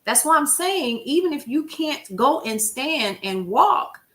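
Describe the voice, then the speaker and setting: Female stream host, bright tone, casual, talks straight to the chat. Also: sits high, big pitch swings, a little slow. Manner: emphatic, conversational, addresses viewers as "y'all". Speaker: livestream news show host. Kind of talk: casual livestream chat, answering viewer comments.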